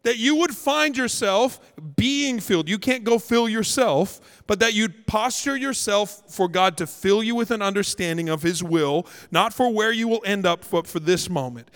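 A Canadian-born male pastor preaching with humour and emphatic storytelling. His voice sits fairly high, and it rings out with a long reverb in a large hall. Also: normal speed, few pauses, a bit bright, smooth. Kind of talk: sermon. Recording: echoey hall.

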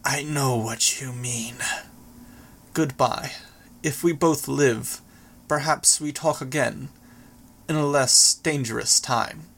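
A man voicing a soft-spoken adult male who calls himself a madman, in an audiobook reading. He speaks slowly and quietly. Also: mid-range voice, gravelly, exaggerated voice. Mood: calm farewell. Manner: slow, measured, quiet delivery.

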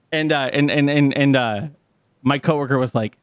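A young man co-hosting a podcast, talking in a loose, rambling way with plenty of swearing. His voice sits at a middle pitch and sounds dry and close, with no room around it. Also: normal speed, smooth, no echo. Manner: rambling storyteller who swears freely. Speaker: podcast co-host. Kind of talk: casual chat.

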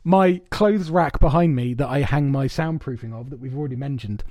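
A man co-hosting a podcast in casual chat, telling long stories in an animated, rambling way with lots of swearing. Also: mid-range voice, moderate pace, dry recording. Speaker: podcast co-host. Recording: dry, soundproofed home room.

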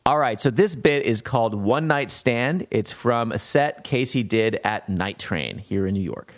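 A man's voice: mid-range voice, a little slow. A man co-hosting a podcast, chatting in an earnest, encouraging way. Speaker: podcast co-host. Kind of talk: casual chat.

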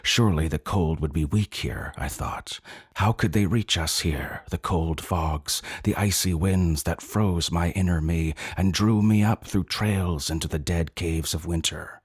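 A man giving intense, brooding narration of a story, slow and deliberate. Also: low voice, slightly rough, no room sound, studio quality. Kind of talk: dramatic audiobook narration.

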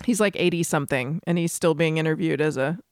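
A woman co-hosting a podcast, telling a story in an animated way and swearing freely. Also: low-pitched, fast, dry recording, clean studio sound. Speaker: podcast co-host. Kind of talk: casual chat.

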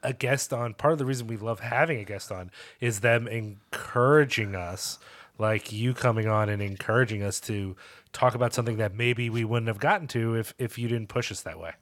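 Man, podcast host, casual, animated storyteller, swears, laughs, dry close sound. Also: medium pitch, moderate pace, dry recording. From Pennsylvania, US. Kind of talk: casual film chat.

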